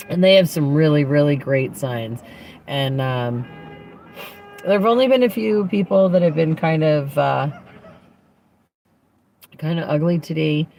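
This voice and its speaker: A woman's voice: sits low, expressive, takes it slowly, creaky, long pauses, a little mellow. A woman hosting a casual livestream from inside a parked car, chatting in an upbeat, rambling way. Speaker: livestream host. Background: passing traffic.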